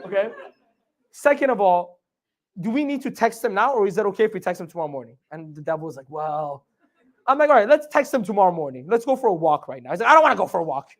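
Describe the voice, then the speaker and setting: A man giving a live motivational training talk, animated, often asking the audience questions and acting out his own inner dialogue. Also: high voice, fast talker. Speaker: motivational speaker.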